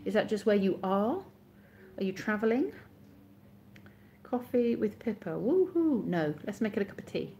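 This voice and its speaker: A chatty woman in her thirties talks casually to viewers on a live stream, reading out their comments and replying to them. Her voice is mellow and warm. A faint hum of noise sits behind her. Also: mid-range voice, moderate pace, pauses often.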